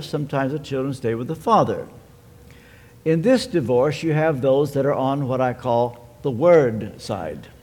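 A man preaching a sermon, measured and emphatic, posing rhetorical questions and answering them himself. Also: medium pitch, darkish tone. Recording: long hall reverb.

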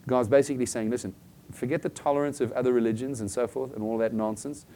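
A man's voice: mid-range voice, steady tone, fast talker, dark tone, slight background noise. A man preaching a conversational sermon, often asking "okay?" and acting out short everyday scenes to make his point. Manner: chatty, keeps checking in with "okay?" and acts out little scenes.

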